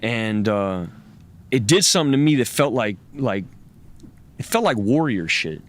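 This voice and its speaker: Profane, halting man telling his story. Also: lowish voice, expressive. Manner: profane, halting, repeats words, acts out quoted speech. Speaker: interview guest. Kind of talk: candid personal storytelling.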